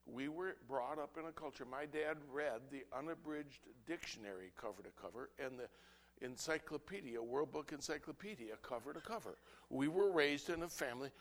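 A man, a pastor, preaching an impassioned sermon that swings between loud outbursts and low, earnest asides. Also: normal speed. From United States.

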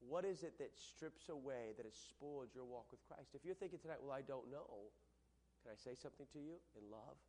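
A middle-aged man preaching a sermon as pastor, emphatic, swinging from loud repeated yeses to hushed warnings. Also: mid-range voice, animated, a little fast.

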